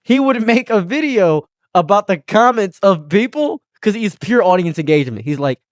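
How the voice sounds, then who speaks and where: A man hosting a casual commentary chat, rambling and joking with excitable bursts. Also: high-pitched, normal speed, dry recording, studio quality. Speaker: channel host.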